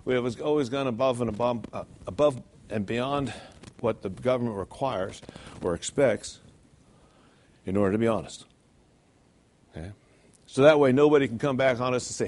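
A man preaching a sermon in a church, animated and rhetorical, often checking in with "okay?". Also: medium pitch, normal speed, pauses often. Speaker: pastor.

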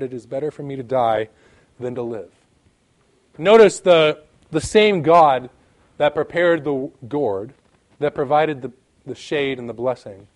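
Male preacher, fairly high pitch, emphatic sermon delivery with scripture readings. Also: a little mellow. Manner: emphatic, rising and falling, reads scripture aloud.

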